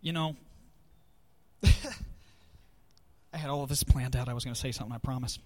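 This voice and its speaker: A man's voice: mid-range voice, fairly even intonation, normal speed, a little mellow. A youth pastor, a man, giving a heartfelt farewell tribute at a church gathering, choked up with emotion and laughing nervously.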